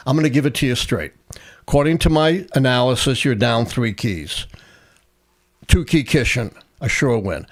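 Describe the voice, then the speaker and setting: An older man recounts a past meeting as a host on a live election show. He tells it like a seasoned storyteller and slips into the voices of the people he quotes. His voice sits at an ordinary middle pitch. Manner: animated anecdotal storyteller, acts out quotes. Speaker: host, historian.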